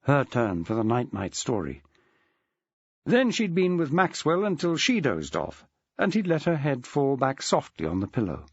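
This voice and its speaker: A man's voice: medium pitch, wildly swooping pitch, normal speed, breathy edge, no room sound, muffled recording. A man narrating an audiobook in a dry, wry storytelling manner. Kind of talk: scripted narration.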